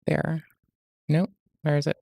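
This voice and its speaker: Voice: medium pitch, monotone, measured pace, vocal fry, warm tone. A streamer in casual reaction chat, rambling and swearing, breaking off mid-thought to fiddle with the stream. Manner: rambling, sweary, self-interrupting.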